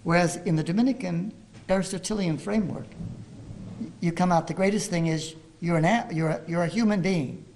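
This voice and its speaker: A scholar giving a lively lecture, quizzing the audience with jokey asides. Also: mid-range voice, a little fast, a little hiss or hum, low-quality recording.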